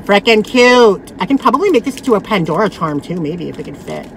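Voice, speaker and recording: Lowish, gravelly and very animated, this woman's voice comes through a rough recording with slight hiss or hum. She's a thirty-something vlogger talking bluntly about her thrift finds, laughing quickly and saying "like" a lot.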